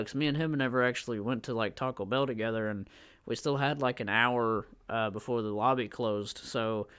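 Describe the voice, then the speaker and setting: A man chatting easily on a podcast, wandering from point to point. His mid-pitched voice comes through smooth and clear. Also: a bit bright. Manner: chatty, rambling with fillers. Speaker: podcast co-host. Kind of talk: casual podcast chat.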